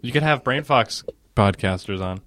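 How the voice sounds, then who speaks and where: A man's voice: mid-range voice, animated, moderate pace, a bit bright, slight background noise. A man cracking puns and jokes in a casual podcast conversation. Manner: wisecracking, punning.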